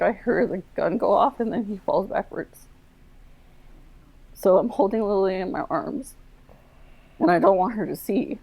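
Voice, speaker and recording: Low, gravelly-voiced woman telling her story. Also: a little mellow, rough recording. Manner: candid, run-on retelling full of "like" and quoted dialogue. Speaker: guest, Air Force medic veteran. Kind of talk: personal storytelling interview.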